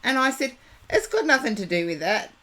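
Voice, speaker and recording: An Australian woman in her fifties, a psychic, chats casually with viewers on a live stream in a fairly high, bright, forceful voice with big pitch swings. She rambles and digresses, drawing out her words.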